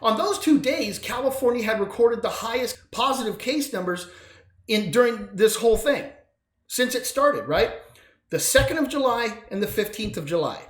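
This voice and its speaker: A man's voice: very high-pitched, expressive, moderate pace, roomy sound. A man hosting a solo political commentary podcast, combative and sarcastic, with sudden emphatic bursts. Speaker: podcast host.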